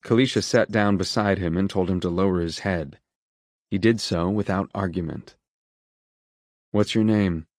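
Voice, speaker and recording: A man reading an audiobook in a steady, measured narration. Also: low-pitched, dry recording, studio quality. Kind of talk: scripted narration.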